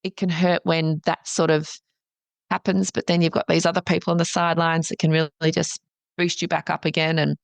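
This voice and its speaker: A middle-aged woman, a counsellor and business founder, chatting as a podcast guest in an animated way and acting out her own past thoughts. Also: low-pitched, brisk, gravelly, no echo. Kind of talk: casual interview chat.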